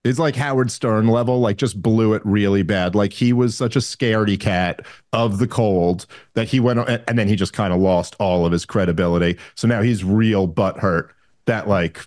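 A man's voice: fairly low pitch, moderate pace, darkish tone, no echo, studio quality. A man, a comedian hosting a podcast, talking in a wry, blunt way and swearing casually. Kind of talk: casual chat.

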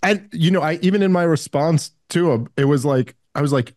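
A man's voice: on the high side, brisk, darkish tone, dry recording, clean studio sound. A man, a comedian hosting a podcast, talking in a wry, blunt way and swearing casually. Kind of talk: casual chat.

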